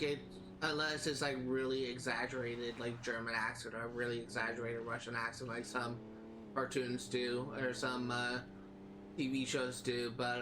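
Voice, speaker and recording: This male streamer talks at a middle pitch, rambling and hesitant, restarting his sentences and leaning on fillers while he plays. A clear hiss of noise runs underneath his voice. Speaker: streamer playing a video game. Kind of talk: casual commentary while gaming.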